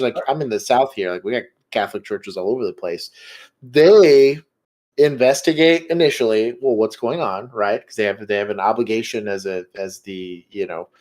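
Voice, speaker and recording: A man guest in a casual chat, talking in a relaxed way with easy asides. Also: mid-range voice.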